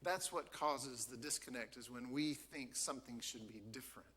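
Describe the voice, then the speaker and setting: A man preaching a sermon as a pastor in a church, telling a Bible story in a lively way and acting out the characters. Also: mid-range voice, moderate pace, husky.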